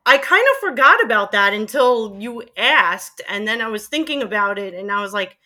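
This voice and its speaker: Bright-voiced woman with a Queens accent. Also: medium pitch, expressive, moderate pace, few pauses. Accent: Queens New York. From Queens, New York. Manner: chatty, laughs often, frequent fillers. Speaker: guest, former college radio DJ. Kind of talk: casual reminiscing interview.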